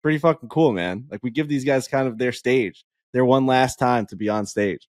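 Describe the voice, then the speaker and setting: A man's voice: mid-range voice, normal speed, no room sound. A male golf podcast host, chatting casually and telling stories with plenty of laughter. His voice sits in a middle range and is recorded close and dry, with no room sound. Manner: animated storytelling, laughs often. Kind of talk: casual chat.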